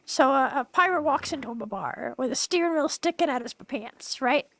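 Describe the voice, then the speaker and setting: A woman's voice: high voice, animated, normal speed, a bit bright. A woman playing a young orphan street thief in a western game roleplay, chatty and stammering with many restarts. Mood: eager. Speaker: roleplay streamer.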